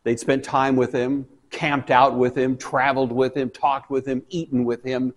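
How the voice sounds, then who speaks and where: A man teaching a Bible study in a folksy, conversational way, breaking into loud animated bursts for emphasis. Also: medium pitch, normal speed.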